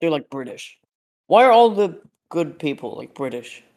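A man's voice: on the high side, big pitch swings, normal speed, darkish tone. A young man co-hosting a casual podcast chat, rambling with lots of fillers and laughing. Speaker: podcast co-host.

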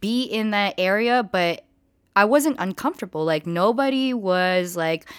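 Animated woman in her twenties, dry sound. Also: measured pace, clean tone, no echo. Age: 20s. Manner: animated, swears freely, acts out quotes with high squeals. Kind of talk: casual storytelling to camera.

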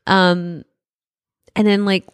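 A woman's voice: medium pitch, flat delivery, slow pace, clean tone, no echo. Gushing woman in a dry close recording. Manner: enthusiastic, heavy on "like" and "um". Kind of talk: casual chat.

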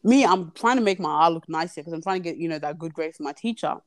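A woman's voice: fairly low pitch, quick pace, dry recording, clean studio sound. A young woman guest chatting on a podcast, telling a story animatedly and swearing freely. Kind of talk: casual chat, storytelling.

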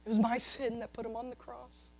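A man preaching a sermon, swinging from loud, high-pitched emphasis to soft, low asides. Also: completely flat delivery, a little fast, poor audio.

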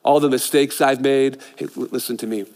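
A middle-aged man preaching a sermon as a pastor, swinging between loud excited passages and hushed, intimate ones. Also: mid-range voice, brisk. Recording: long hall reverb.

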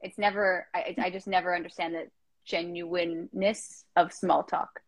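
A woman guest on a casual live stream chat, talking in an animated, rambling way and laughing often. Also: fairly low pitch, normal speed, no room sound, poor audio. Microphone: Instagram Live stream.

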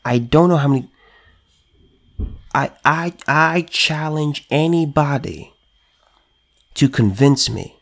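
A man's voice: a little high, takes it slowly, creaky, long pauses, fairly bright tone. A man giving political commentary in a vlog, pressing hard with repeated rhetorical questions and stammering restarts when he gets worked up. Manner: emphatic, repetitive rhetorical questions. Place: California.

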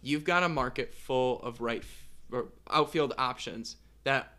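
A young man co-hosting a relaxed sports chat. His voice is bright and forward. He is opinionated and rambling, and he restarts his sentences as he talks. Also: mid-range voice, a little slow. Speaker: podcast co-host. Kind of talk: casual sports talk.

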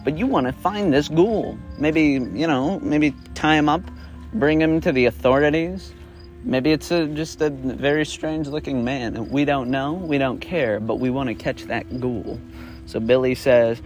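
A man's voice: a little high, unhurried, faint music behind. A young man improvising a second-person story, rambling with restarts and the odd swear word.

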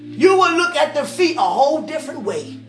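A high-pitched woman shares a casual faith testimony, swinging between soft musing and loud, emphatic outbursts. Her voice rings in a roomy, echoing space, with music playing behind it. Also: sing-song, a little fast.

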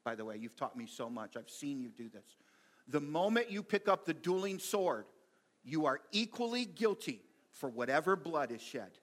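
Animated man preaching conversationally. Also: on the high side, moderate pace. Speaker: pastor. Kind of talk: sermon.

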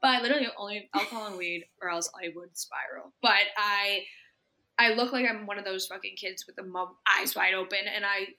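A woman's voice: mid-range voice, fairly quick, pushed and bright. A young woman co-hosting a podcast, telling a story in casual, chatty talk that is full of swearing. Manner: chatty, swears freely, acts out her own panicked inner voice. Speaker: podcast co-host. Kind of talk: casual chat.

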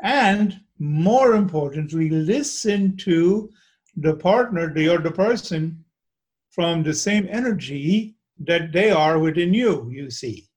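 A man in a channeling trance, voicing a gentle, wise spirit who speaks as a small Indian man with an Indian accent and a slow, measured, preaching manner. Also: on the high side, lively intonation. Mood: serene. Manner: slow, measured, sermon-like, repeats "you see".

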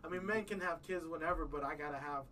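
A man's voice: on the high side, fast talker, sharp tone, recorded from a distance, a little hiss or hum, poor audio. A man in his thirties hosting a podcast, chatting casually in a rambling way and telling stories. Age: 30s. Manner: rambling, restarts often, tells stories. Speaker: podcast host. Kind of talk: casual chat.

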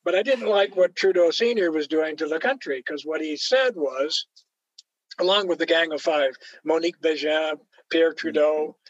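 Canadian male author guest, emphatic storyteller, fairly high voice, dry muffled audio. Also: normal speed, no room sound. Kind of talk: opinionated conversation. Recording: dull lo-fi dry recording.

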